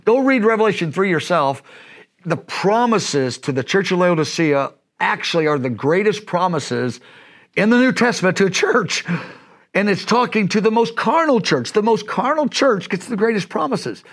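A man's voice: high voice, very animated, moderate pace. A man preaching in a conversation. He talks earnestly and voices God's words in quoted speech.

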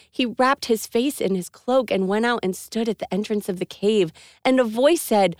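A woman co-hosting a kids' faith show, bright and encouraging in cheerful scripted chat. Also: medium pitch, normal speed, no echo, studio quality.

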